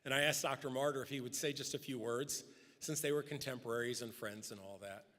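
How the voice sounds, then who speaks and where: A man's voice: fairly even intonation, brisk, a bit bright. A middle-aged man giving a eulogy at a memorial service, telling personal anecdotes and acting out quotes, speaking at a podium microphone in a large church sanctuary. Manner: storytelling, acting out quotes with rising pitch. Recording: long church hall reverb.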